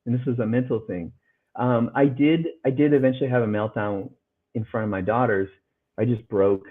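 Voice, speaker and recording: On a phone-like line, a middle-aged man appears as a podcast guest, earnestly retelling a hard story. His voice sits at medium pitch with a steady tone and normal speed, and he acts out what people said in raised voices.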